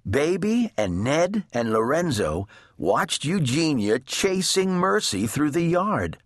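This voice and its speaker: Slow, expressive male storybook narrator. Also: fairly high pitch, no room sound, clean studio sound. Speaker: audiobook narrator. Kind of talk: children's audiobook narration.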